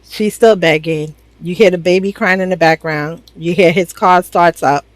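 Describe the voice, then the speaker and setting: An expressive reviewer tells the story of a drama episode in casual, slangy terms. The delivery is blunt and animated, with the characters' lines acted out along the way. The sound is dry and close, with no room echo. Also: medium pitch, moderate pace. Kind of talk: casual show recap.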